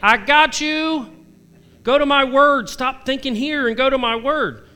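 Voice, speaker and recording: A man voicing God as a blunt, loud male figure who snaps at a worrier and then reassures him. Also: very high-pitched, measured pace, voice pushed up, full character voice. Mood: blunt, reassuring. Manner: shouting, brusque, then comforting.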